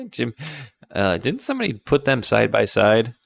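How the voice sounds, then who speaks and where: A man's voice: mid-range voice, wildly swooping pitch, slow, gravelly. A man hosting a casual talk show, rambling along with plenty of fillers. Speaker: podcast host. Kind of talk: casual chat.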